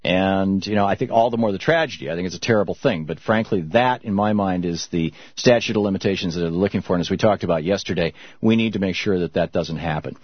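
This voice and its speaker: A middle-aged man from Michigan hosting a call-in radio show, telling stories and answering callers in a halting, reflective way. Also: sits low, slightly rough, no room sound. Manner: reflective storytelling, halting with restarts. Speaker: radio talk show host. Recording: dull muffled radio broadcast.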